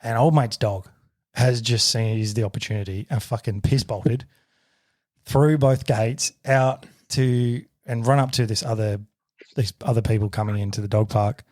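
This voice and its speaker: Sweary Australian bloke telling a story. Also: male voice, mid-range voice, normal speed, no echo, clean studio sound. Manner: sweary, animated retelling with shouted quotes. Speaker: podcast co-host. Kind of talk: casual storytelling.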